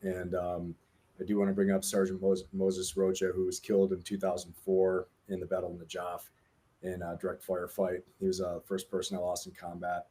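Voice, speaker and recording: Soft halting deep-voiced man. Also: completely flat delivery, slight background noise. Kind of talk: quiet remembrance.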